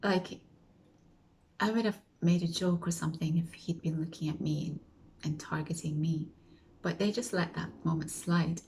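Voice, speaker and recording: A woman's voice: low-pitched, steady tone, normal speed, darkish tone, a little hiss or hum, low-quality recording. A woman vlogger telling a story in a casual way, acting out the people she quotes and sometimes dropping to a whisper. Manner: chatty, acts out quoted voices, drops to a whisper at times.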